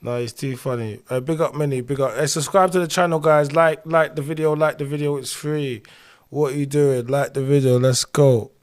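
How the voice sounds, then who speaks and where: A man with a slightly high voice co-hosts a casual talk show. He banters playfully and jokily, hyping up the audience. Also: steady tone, moderate pace, clear, resonant tone, dry recording. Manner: playful, laughing, hypes the audience.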